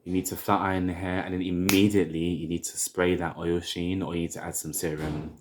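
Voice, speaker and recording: A man in his thirties with a London accent, chatting casually to camera as a hair vlogger, chatty and opinionated with drawn-out asides. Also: sits low, flat delivery, background noise. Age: 30s.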